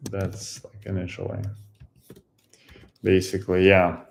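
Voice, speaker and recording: A man hosting a coding tutorial, thinking aloud while he works through a problem, halting and musing with many pauses and fillers. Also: low-pitched, completely flat delivery, creaky, slight background noise.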